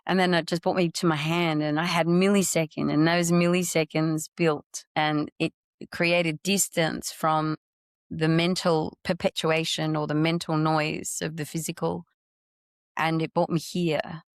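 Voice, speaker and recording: A middle-aged woman, a podcast guest, telling a personal story in an earnest, expressive way, often stopping to restart her sentences. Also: sits low, unhurried, no echo, studio quality. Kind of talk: reflective personal storytelling in conversation.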